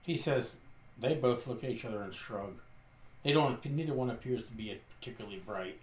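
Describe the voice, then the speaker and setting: A man's voice: medium pitch, brisk, darkish tone. A man narrating his character's actions and words in a tabletop role-playing game. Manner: storytelling, quotes his character's lines. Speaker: tabletop player. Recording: echoey room with faint noise.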